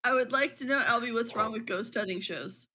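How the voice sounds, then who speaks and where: Woman on a gaming podcast, bright sharp voice, jokey and playful. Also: on the high side, a little fast, slight background noise. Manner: playful, joking. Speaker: podcast co-host. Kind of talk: casual gaming chat.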